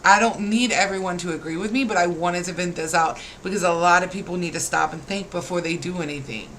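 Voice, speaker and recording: A woman's voice: on the low side, fast talker, fairly bright tone, slight background noise, poor audio. A woman in her thirties, a parent, ranting to camera with exasperated, scolding rhetorical questions. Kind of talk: heated rant to camera.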